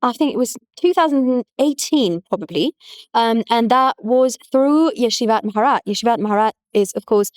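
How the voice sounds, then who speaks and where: A woman's voice: a little high, lively intonation, normal speed, no room sound, clean studio sound. A woman, a rabbi talking casually in an interview with lots of "like" fillers. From France. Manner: chatty, many "like" fillers. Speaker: rabbi, guest.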